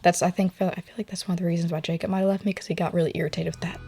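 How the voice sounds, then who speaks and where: A young woman, speaking softly and haltingly with many filler words as she tells a personal story while sitting for a portrait in an artist's studio. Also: on the low side, level tone, breathy edge, faint music behind. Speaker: portrait model interviewee.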